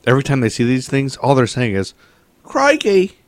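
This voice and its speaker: A man's voice: mid-range voice, fairly even intonation, fast, no echo. A man co-hosting a podcast, reacting with skeptical jokes and wisecracks. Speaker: podcast co-host. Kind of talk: casual banter.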